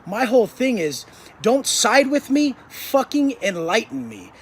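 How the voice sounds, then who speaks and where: A man's voice: very high-pitched, sing-song, a little slow, breathy edge. A man telling prison stories in an intense, blunt monologue, swearing heavily. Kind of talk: profane storytelling monologue.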